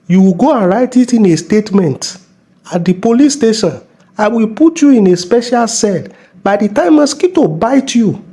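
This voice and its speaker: Man playing a Nigerian police officer, bullying, mocking, dark husky tone. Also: very high-pitched, exaggerated voice. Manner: scolding, mocking, bossy. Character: bullying middle-aged male traffic cop. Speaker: police officer character in a comedy skit.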